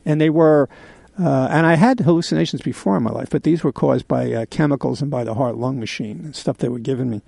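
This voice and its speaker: A man in his sixties hosting a radio show, telling a candid personal story in a halting way with many pauses and fillers. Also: mid-range voice, creaky, warm tone, no room sound, studio quality. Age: 60s. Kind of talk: confessional radio monologue.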